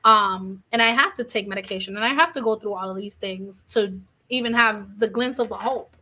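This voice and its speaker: A woman's voice: mid-range voice, a little fast, pushed and bright. A young adult woman telling a personal story as a guest, openly and ramblingly, coughing a little from asthma. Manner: open, rambling, quotes others in little acted lines. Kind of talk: candid personal story in an interview.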